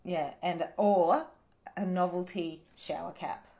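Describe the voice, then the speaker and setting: A woman's voice: on the low side, fairly even intonation, takes it slowly, mellow, highs cut off. An Australian woman co-hosting a podcast in casual chat, dry and irreverent, swearing freely. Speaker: podcast co-host.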